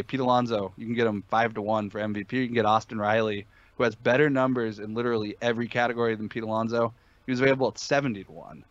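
A man's voice: medium pitch, dry recording, muffled recording. A man talking sports betting in a casual podcast chat, emphatic and opinionated, with many fillers and restarts.

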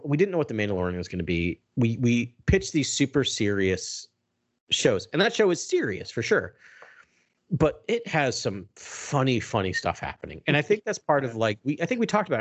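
A man co-hosting a casual podcast chat, animated and self-deprecating with quick laughs. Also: medium pitch. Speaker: podcast co-host.

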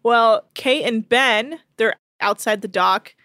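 A woman hosting a podcast, recapping a show in a chatty, rapid storytelling way with plenty of fillers, close to the mic. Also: a little high, pushed and bright, dry recording. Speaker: podcast host.

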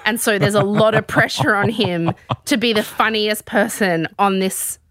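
A woman hosting a casual podcast, telling a story in an animated, chatty way. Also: medium pitch, normal speed, no room sound, studio quality. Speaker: podcast host. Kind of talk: casual chat recapping a show.

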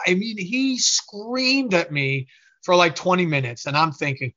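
A man's voice: high-pitched, a little slow, dull audio. A man who is a business owner, talking as a guest in an interview and telling a story while acting out the voices of the people in it. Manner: animated, acts out quoted voices.

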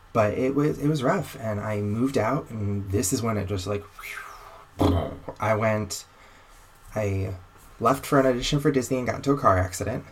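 Lower-voiced young man telling a wry story. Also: a little hiss or hum. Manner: animated, wry storyteller who acts out quoted exchanges. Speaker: guest telling a personal story. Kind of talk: casual conversational storytelling.

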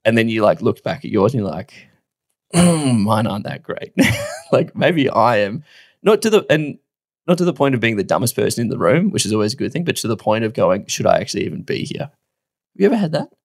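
A man, co-hosting a podcast and telling a story in a casual, animated way, swearing now and then and laughing often. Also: mid-range voice, fast talker, no room sound, studio quality. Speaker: podcast co-host.

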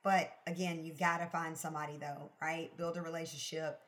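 Woman guest, lively storyteller, bright forceful tone, emphatic delivery. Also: deep voice, fairly quick. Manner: expressive, emphatic, laughs often, lively storytelling. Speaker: podcast guest, sales consultant. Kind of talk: casual interview conversation.

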